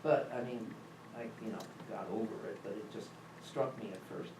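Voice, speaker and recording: A man's voice: lowish voice, normal speed. Guy telling a story at a church group, mic far off, echoey and noisy. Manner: animated storyteller, laughing as he tells it. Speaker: group member. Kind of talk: casual anecdote. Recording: echoey room, far mic, audible noise.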